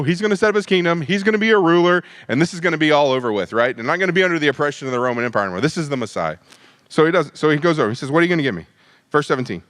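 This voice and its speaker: A man leading a midweek Bible study, conversational and animated, acting out the disciples' lines. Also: on the high side, no room sound.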